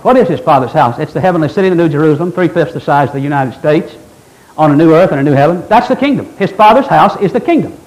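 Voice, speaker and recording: A man's voice: a little high, lively intonation, fast talker, darkish tone, poor audio. A man preaching a fervent, emphatic Baptist sermon, now and then mimicking imagined objectors. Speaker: Baptist pastor.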